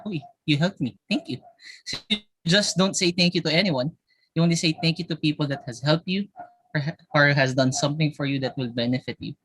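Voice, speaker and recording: A man's voice: a little high, fairly bright tone, no echo. A man with a Filipino accent, a teacher, speaking playfully on a video call. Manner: playful, mimics voices. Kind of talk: casual webinar chat.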